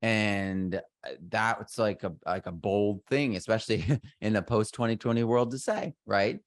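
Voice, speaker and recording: Middle-aged male guest, low register, rambling and self-interrupting, dry booth sound. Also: unhurried, no echo. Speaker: podcast guest. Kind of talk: casual interview conversation.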